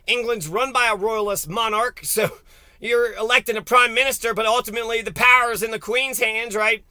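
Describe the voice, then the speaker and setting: A man's voice: very high-pitched, steady tone, brisk, pushed and bright, no room sound. A man giving a crude, profane and mocking solo political rant. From United States. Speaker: political commentator.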